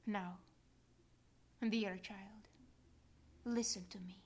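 Woman reading as a gentle motherly heavenly queen. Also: mid-range voice, fairly even intonation, drawn-out words, husky, pitched below the performer's own voice. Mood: tender. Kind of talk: devotional reading.

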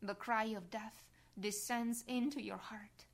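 Woman softly reading a devotional meditation. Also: fairly high pitch, steady tone, a little slow. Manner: hushed, often whispering. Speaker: reader.

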